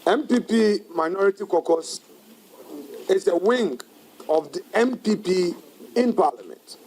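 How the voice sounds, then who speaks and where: A man, a parliamentary caucus leader giving a measured, deliberate press conference statement that turns emphatic and defiant. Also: high-pitched, expressive, darkish tone, slight background noise, poor audio.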